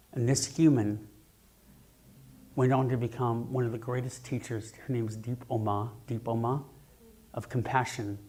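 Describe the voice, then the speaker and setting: A man minister giving a sermon, telling stories in an animated, jokey way, speaking into a mic in a church sanctuary. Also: mid-range voice, breathy edge. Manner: animated, jokey storytelling preacher.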